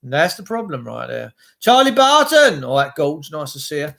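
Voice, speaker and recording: This is a man with a fairly high voice, chatting on a live stream in a loose, meandering way. He greets viewers one by one, swears freely and wanders off on tangents as he reads their comments. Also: sing-song, moderate pace, creaky, fairly bright tone. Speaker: livestream host. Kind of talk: rambling live-stream chat.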